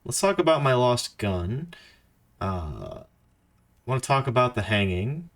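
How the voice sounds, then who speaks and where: A man's voice: mid-range voice, huge pitch swings, measured pace, fairly bright tone. A young man streaming a game for the first time, joking and reading dialogue choices aloud. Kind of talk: casual let's-play commentary.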